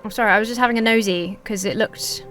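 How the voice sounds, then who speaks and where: Woman, mid-pitched, rambling let's play talk, faint game music underneath. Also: fast, a bit bright. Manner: rambling, chatty self-talk while playing. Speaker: gaming video creator.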